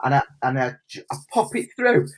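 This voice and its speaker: A man's voice: mid-range voice, brisk. A man from England with a cold, telling a story animatedly in casual chat. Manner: animated storyteller, acts out voices. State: has a cold. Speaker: resident tipster.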